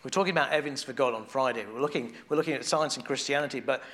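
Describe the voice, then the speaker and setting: In a mid-range voice and at a rapid-fire clip, this man delivers a sermon like a conversation. He restarts phrases while thinking aloud and softens into intimacy on devotional matters.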